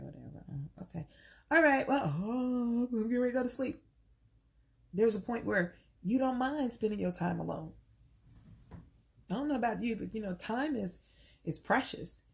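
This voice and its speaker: A woman's voice: mid-range voice, creaky, darkish tone. A middle-aged woman coaching on relationships in casual, sassy talk, preaching straight to the ladies. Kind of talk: casual talk to camera, live stream.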